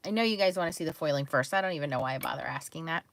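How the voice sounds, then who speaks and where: A woman's voice: low voice, rapid-fire, gravelly. A woman hosting a card-making livestream, chatting casually, greeting viewers by name and laughing often. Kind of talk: casual crafting livestream chat.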